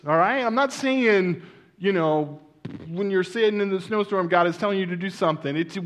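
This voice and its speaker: A male pastor telling a story in a sermon, acting out the people in it with lively voices and laughter, then closing softly and earnestly. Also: sits high, brisk.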